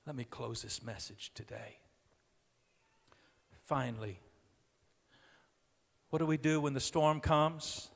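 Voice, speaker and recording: A middle-aged man preaching a sermon as a pastor in a church, moving from storytelling to loud, emphatic preaching. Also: mid-range voice, slow, vocal fry, pauses often. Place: church sanctuary. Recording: long hall reverb.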